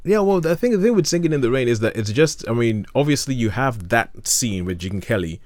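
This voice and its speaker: A man's voice: medium pitch, lively intonation, a little fast, a little mellow. A man chatting casually about films as a host, enthusiastic and rambling, with frequent restarts. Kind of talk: casual film chat.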